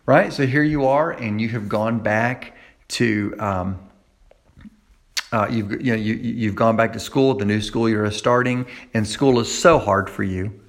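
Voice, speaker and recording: A man's voice: fairly low pitch, a little slow. A man preaching a conversational sermon as a youth pastor, repeating key phrases for emphasis.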